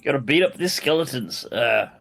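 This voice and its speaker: A man's voice: mid-range voice, expressive, moderate pace, vocal fry, fairly bright tone, dry recording, faint music behind. A man playing in a tabletop game, laid-back and laughing easily. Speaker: player. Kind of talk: casual chat at a game table.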